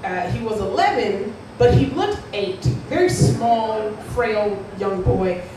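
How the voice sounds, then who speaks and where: A woman's voice: mid-range voice, animated, takes it slowly, very noisy. A woman performing a stand-up comedy set, telling a crude story in a brash way and slipping into acted-out voices. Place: comedy club stage with audience laughing. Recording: echoey distant live club recording.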